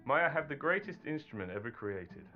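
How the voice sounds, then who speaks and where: A man's voice: mid-range voice, big pitch swings, a little fast, close to an everyday voice. A man doing a polite young termite. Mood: earnest. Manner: polite, eager, a little timid. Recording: dull recording under loud guitar music.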